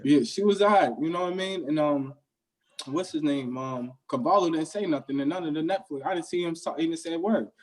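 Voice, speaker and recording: A man on a discussion panel, speaking casually and haltingly with many fillers. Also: on the high side, low-quality recording.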